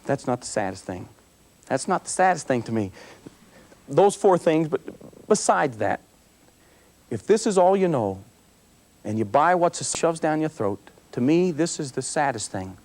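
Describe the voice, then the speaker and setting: A man with a notably high voice tells stories to students at a school assembly. He is a middle-aged police officer who acts out scenes with humor and lively delivery. His talk is motivational and easygoing. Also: unhurried, pauses often. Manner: animated storyteller, acting out scenes with humor.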